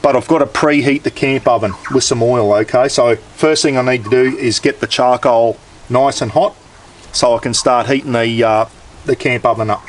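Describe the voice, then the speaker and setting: A man's voice: mid-range voice, fairly even intonation, moderate pace, poor audio. A man with an Australian accent hosting a casual cooking demonstration, chatting straight to his viewers as he cooks outdoors. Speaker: cooking channel host.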